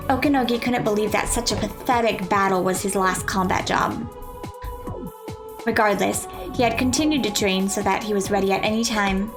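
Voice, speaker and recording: Lady reading a visual novel out loud, mid pitch, playful asides, music playing under her. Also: moderate pace. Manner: playful, joking asides to listeners.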